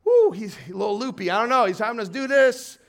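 A man's voice: very high-pitched, sing-song, fast, full character voice. A man preaching who briefly voices a worried Israelite man complaining in a crowd, doubtful and raised in tone. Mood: impatient, doubting.

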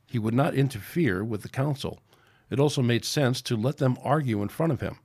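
A man reads his own story aloud as podcast host, in an ordinary middle voice. His delivery is steady and plain, with small slips. The sound is dry and close. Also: medium pitch, a little fast, slightly rough, no room sound. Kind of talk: reading fiction aloud.

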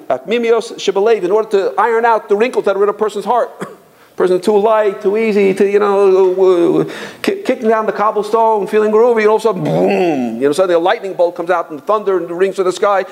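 A middle-aged man giving an informal Torah lecture, animated, often repeating words as he goes. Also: high voice, poor audio. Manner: animated, repeats words, mixes Hebrew and Yiddish terms. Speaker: rabbi giving a Torah class.

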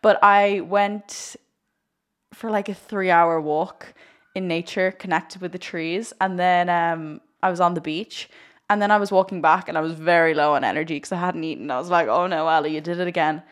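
A woman's voice: on the low side, steady tone, moderate pace. A woman hosting a spiritual livestream, talking straight to viewers in a giddy, laughing, rambling way. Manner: talks to viewers directly. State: one eye watering. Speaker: spiritual coach hosting a live video. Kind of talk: casual spiritual vlog on a livestream.

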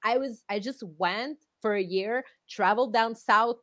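A young woman hosts a podcast and tells a personal story with lively energy, slipping into other people's voices as she goes. Her voice sits fairly high. The recording is dry and close, with almost no room sound. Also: a little slow, no echo. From outside the US. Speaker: podcast host. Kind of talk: casual interview chat.

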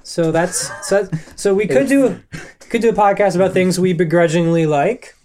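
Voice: mid-range voice, normal speed, darkish tone. A podcast host with a mid-range voice chats in a rambling, enthusiastic way. Sentences often restart as the ideas pile up. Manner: chatty, rambling with fillers and restarts. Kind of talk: casual podcast chat.

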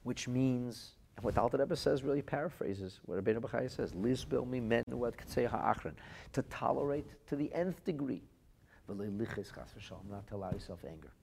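A man's voice: mid-range voice, expressive, moderate pace, creaky, a little mellow, a little hiss or hum. A man teaching a Torah class as a rabbi, reading phrases from classic texts aloud and translating them into plain speech. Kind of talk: lively text-based Torah lesson.

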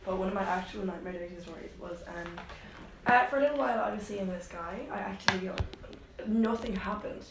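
A woman's voice: medium pitch, a little fast, gravelly, recorded from a distance. A young Irish woman telling dating stories in casual chat, acting out what people said. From Ireland. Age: young adult. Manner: animated storytelling, acts out quotes. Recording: echoey room, faint noise.

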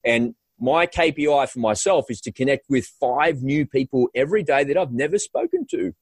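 A man hosting a podcast, chatting casually in quick bursts with frequent restarts. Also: mid-range voice, lively intonation, slightly rough, dry recording. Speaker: podcast host. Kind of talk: casual conversational chat.

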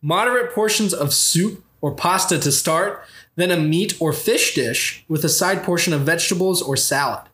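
Young guy reading an article out loud all fake-formal, kinda high voice, keeps cracking up. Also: normal speed. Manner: giggly, reads aloud in a mock-formal tone. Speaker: podcast co-host. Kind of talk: casual chat, reading articles aloud.

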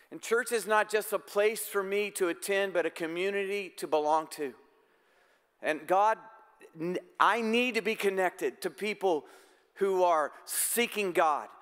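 A man's voice: high-pitched, fairly bright tone, clean tone. A man preaching a sermon as pastor, talking in an earnest, conversational way. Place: church sanctuary. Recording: long church-hall reverb.

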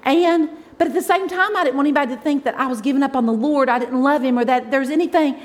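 A woman, a pastor's wife preaching a conversational, emotional sermon that swings from loud exclaims to soft asides. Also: high voice, quick pace.

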